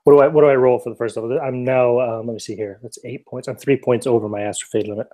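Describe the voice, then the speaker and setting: A man playing in a tabletop game, explaining his character's spells with many pauses and fillers. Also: medium pitch, fairly even intonation, warm tone. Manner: hesitant, rules-checking, many fillers. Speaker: player. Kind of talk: tabletop game play, casual.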